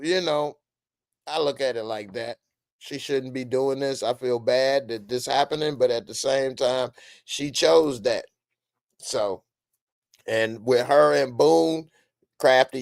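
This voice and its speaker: A man hosting a casual live-stream reaction, reading chat comments, animated with loud bursts and frequent laughs. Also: mid-range voice, takes it slowly, vocal fry, no echo, studio quality.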